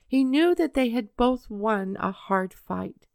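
A woman reading a children's story aloud in a measured, expressive way. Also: a little high, creaky, clean tone, dry recording, studio quality.

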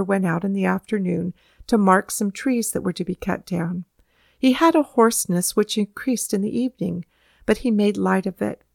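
A woman reads aloud in a measured, solemn way, with her voice held at a middle pitch. Her tone is gravelly, and the recording is dry and close. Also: darkish tone, no echo. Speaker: narrator. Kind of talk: read-aloud historical narration.

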